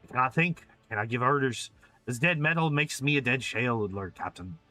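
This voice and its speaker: A man's voice: medium pitch, animated, normal speed, bright, forceful tone, no echo, faint music behind. A man voicing a tormented male soldier with a painful skull implant, talking in a strained, bitter, pleading way. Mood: bitter pained.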